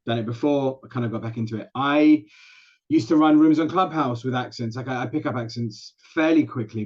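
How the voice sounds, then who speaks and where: A man's voice: lowish voice, darkish tone. English man, muffled call audio. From England. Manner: chatty, explains at length with many restarts. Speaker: guest, actor and dialect coach. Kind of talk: casual interview chat.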